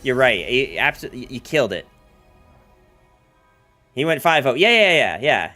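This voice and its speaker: Male streamer, bouncy lively pitch, rambling casual chat, lots of filler words, joking asides, faint music underneath. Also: unhurried. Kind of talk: casual livestream chat while playing a card game.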